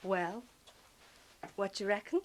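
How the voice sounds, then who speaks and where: A woman's voice: mid-range voice, expressive, unhurried, natural voice. An actress playing a friendly, chatty woman. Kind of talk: soap opera acting.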